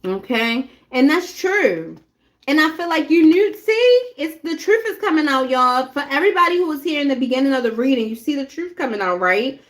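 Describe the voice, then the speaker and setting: A woman's voice: sits high, sing-song, normal speed. A woman giving a casual live tarot reading, talking bluntly and chattily straight to her viewers. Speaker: tarot reader.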